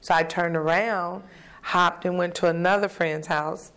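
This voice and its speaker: A woman with a low, gravelly voice tells her own story in a talk-show interview. She is a lively storyteller who slips into the voices of the people she describes. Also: unhurried. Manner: vivid storyteller, acts out quoted voices. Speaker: guest telling her recovery story. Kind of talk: personal testimony in an interview.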